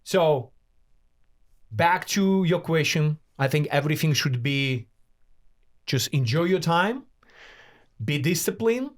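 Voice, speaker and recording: A man's voice: a little high, expressive, slow, long pauses. Blunt, profane man co-hosting a podcast. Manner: blunt, emphatic, swears freely. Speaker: podcast co-host. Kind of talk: casual podcast chat.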